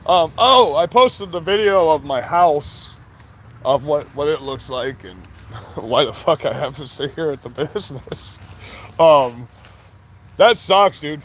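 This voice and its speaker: A man's voice: on the high side, a little slow, a bit bright, slight background noise. A middle-aged man from Florida, ranting bluntly and profanely in a casual vlog. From Florida, USA. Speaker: vlogger. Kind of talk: casual rant to camera.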